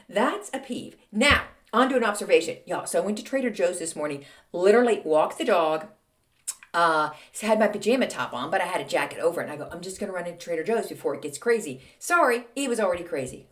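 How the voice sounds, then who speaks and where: A middle-aged woman talks on her own podcast. She is chatty and snarky, breaking into exasperated rants and quick asides. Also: on the high side. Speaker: podcast host. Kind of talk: casual solo podcast monologue.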